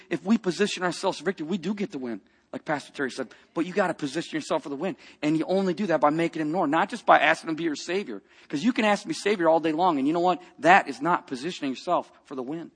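Animated preacher man telling stories. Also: a little high, breathy edge. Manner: animated, acts out quotes, swings between hushed and loud. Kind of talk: sermon with personal storytelling.

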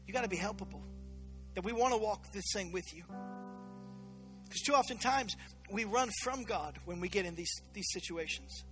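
A man preaching a sermon as pastor in a church, energetic and conversational, with joking asides. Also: sits high, moderate pace, pauses often, soft background music.

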